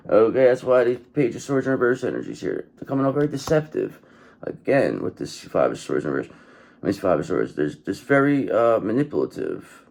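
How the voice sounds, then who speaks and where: Brief: a low, gravelly man reading tarot, blunt and sweary, with lots of up and down in his voice. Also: very animated, a little fast, darkish tone. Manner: blunt, profane and repetitive, often says okay. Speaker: tarot reader. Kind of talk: casual tarot reading monologue.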